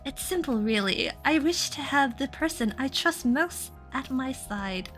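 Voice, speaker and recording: Calm lady detective, quiet and measured, clear bright tone, read by a woman. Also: sits high, soft background music.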